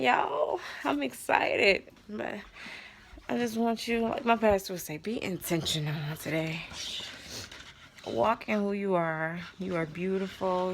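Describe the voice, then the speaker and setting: A woman's voice: medium pitch, gravelly, a little hiss or hum. A pregnant woman vlogging casually and encouraging viewers in a preacherly way about faith.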